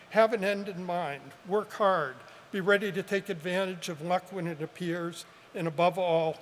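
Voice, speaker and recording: A professor in his seventies giving an earnest, measured commencement speech with gentle humor, at a podium microphone at an outdoor ceremony. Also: high-pitched, long reverb tail, a little hiss or hum.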